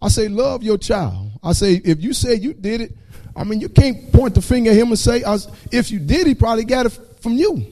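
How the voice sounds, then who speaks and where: A man's voice: very high-pitched, expressive, fairly quick, dark tone. A man giving a fervent church testimony with a repetitive preaching cadence.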